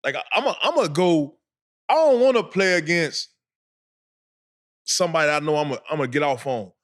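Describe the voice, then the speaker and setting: A man, co-hosting a podcast and telling an animated story full of acted-out quotes. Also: a little high, normal speed. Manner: animated storyteller, acts out quotes, laughs a lot. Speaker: podcast co-host. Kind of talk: casual storytelling.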